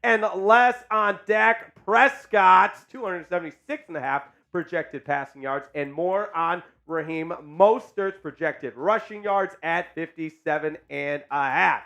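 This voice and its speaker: A man hosting a casual live sports chat stream, hyped and joking as he shouts out viewers. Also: sits high, measured pace, gravelly, few pauses. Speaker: sports show host.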